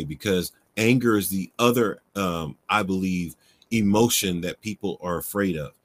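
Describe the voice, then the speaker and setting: A man hosting a faith-based livestream, answering viewer questions in a conversational way with frequent "right?" and fillers. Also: on the low side. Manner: conversational, asks "right?" often, many fillers.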